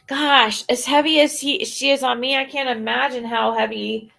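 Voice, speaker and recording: A woman's voice: high-pitched, fairly even intonation, moderate pace, vocal fry, bright, forceful tone. A woman livestreaming a casual rant to her chat, blunt and profane, sounding exasperated as she talks things through.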